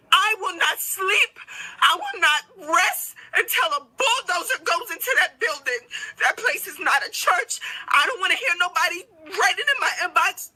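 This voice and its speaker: A woman makes an impassioned public appeal through tears, her voice sitting very high. Her tone is sharp and piercing as anger pushes her into shouts. She repeats herself in outrage again and again. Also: animated, measured pace, rough recording. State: crying. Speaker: family member speaking out.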